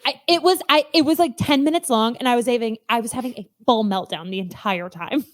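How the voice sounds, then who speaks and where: A woman co-hosting a podcast in casual comedic chat, animated and jokey, acting out quotes. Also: on the high side, a little fast. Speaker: podcast co-host. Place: Chicago.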